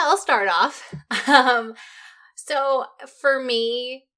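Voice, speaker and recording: A woman's voice: mid-range voice, pushed and bright. A woman co-hosting a podcast in a casual, chatty way, laughing easily between points. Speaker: podcast co-host.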